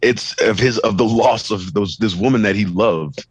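A man's voice: on the low side, moderate pace, slightly rough, no room sound, rough recording. A man co-hosting a podcast in a laid-back, rambling way, saying "you know" often and swearing casually. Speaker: podcast co-host. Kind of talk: casual chat.

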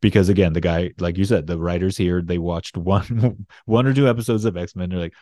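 A man's voice: deep voice, a little fast, warm tone, dry recording, clean studio sound. A man co-hosting a podcast, recapping an episode in casual, profane chat and laughing as he paraphrases the characters. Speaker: podcast co-host.

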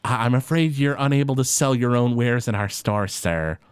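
Dude doing a smooth polite shopkeeper, sir this sir that, middle pitch, dry sound. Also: male voice, normal speed, no echo, lightly acted. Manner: courteous, formal, calls customers sir.

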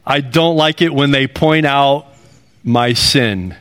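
Bright-voiced earnest male preacher. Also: mid-range voice, takes it slowly. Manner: earnest and conversational, with emphatic rising phrases. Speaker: pastor. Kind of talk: sermon.

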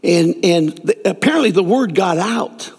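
Animated gravelly preacher in a big hall. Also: male voice, high-pitched, normal speed. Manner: animated, acts out characters' lines in raised voices. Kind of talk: sermon storytelling. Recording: long reverb of a large hall.

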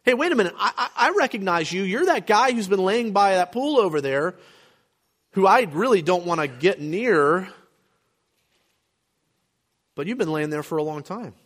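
A preacher acting an indignant, suspicious religious leader. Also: male voice, high-pitched, expressive, moderate pace, long pauses, a bit bright, voice pushed up. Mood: incredulous. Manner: incredulous, accusing, stammering.

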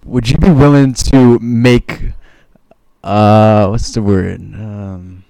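A young man hosts a student podcast, asking questions and stopping now and then to find his words. His voice is on the low side, recorded close and dry. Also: steady tone, very slow, vocal fry, dark tone, dry recording. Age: young adult. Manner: hesitant, searching for words.

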